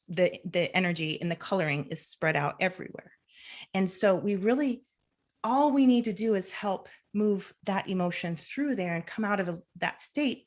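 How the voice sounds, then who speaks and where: A woman, a clinical social worker, being interviewed on a podcast; she explains at length, often restarting sentences and acting out inner voices. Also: lowish voice. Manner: animated, acts out inner self-talk.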